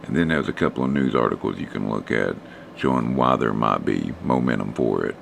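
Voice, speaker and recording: A man, hoarse and losing his voice, casually talking through stock charts for a live stream audience. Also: a bass voice, brisk, slight background noise. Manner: relaxed, rambling, talks to chat viewers.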